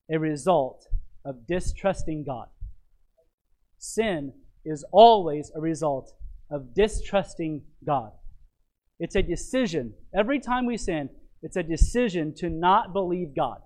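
A man's voice: high-pitched, a little mellow, poor audio. A man preaching a sermon, repeating key phrases for emphasis and asking rhetorical tag questions of his listeners.

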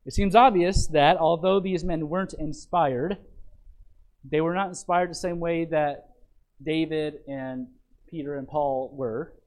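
A man's voice: a little high, darkish tone, low-quality recording. A man, a pastor teaching from a sermon outline, often checking in with his listeners and repeating phrases. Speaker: pastor teaching a Bible lesson.

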